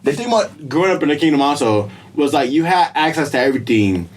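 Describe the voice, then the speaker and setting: Animated young man telling stories. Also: fairly high pitch, fast talker, a little hiss or hum. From Israel. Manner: animated slangy storyteller, laughs often. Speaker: podcast co-host. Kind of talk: casual chat.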